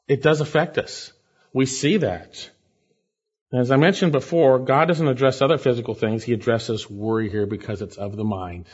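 A male pastor delivers an emphatic sermon, his voice rising sharply on the words he stresses. His tone is husky and mid-pitched. The recording is dull and lo-fi, like an old church tape. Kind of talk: expository sermon.

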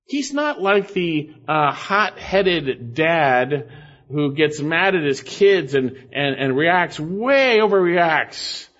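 Emphatic pastor with a dull, lo-fi sound. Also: male voice, lively intonation, slow pace, fairly bright tone. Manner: emphatic, repeats key phrases, rises in pitch for stress. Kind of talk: expository Bible sermon.

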